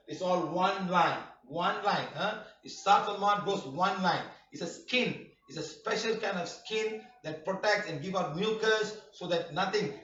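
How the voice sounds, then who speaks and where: A man teaching a healing workshop class, speaking emphatically, often shouting and firing rhetorical questions. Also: sits high. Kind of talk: classroom lecture. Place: workshop room. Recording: roomy, distant, dull lo-fi room recording.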